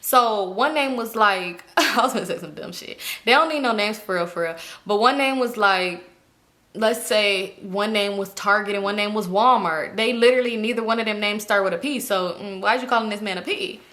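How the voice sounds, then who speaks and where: Bright-voiced young woman telling a story. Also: mid-range voice, normal speed. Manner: slangy, animated, acts out quoted people. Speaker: storytime vlogger. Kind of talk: casual storytelling.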